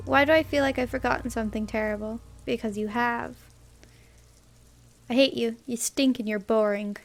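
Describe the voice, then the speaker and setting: High-voiced woman reading game text aloud. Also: fairly even intonation, normal speed, gravelly. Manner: reads text aloud, breaks off to react, squeals and laughs. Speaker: gameplay streamer.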